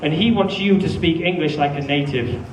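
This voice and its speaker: A man teaching a classroom lesson, lively, acting out sample answers with exaggerated feeling. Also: a little high, normal speed, recorded from a distance. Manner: animated, acts out student answers with exaggerated feeling. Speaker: English teacher. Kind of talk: classroom lecture. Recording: echoey room, mic from afar, faint noise.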